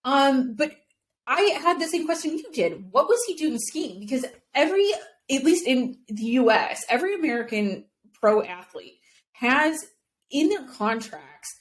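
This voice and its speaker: A woman's voice: high-pitched, big pitch swings, a little slow. A woman co-hosting a sports podcast, chatting casually and explaining at length with frequent laughs. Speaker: podcast co-host.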